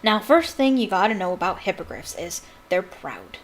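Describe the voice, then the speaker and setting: A big, soft-hearted male gamekeeper, put on by a woman reading a storybook aloud. He talks in a homely country way, dropping words and clipping his speech. The voice stays at a medium, everyday pitch. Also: big pitch swings, normal speed, natural voice. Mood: eager. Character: huge gruff kindly male gamekeeper.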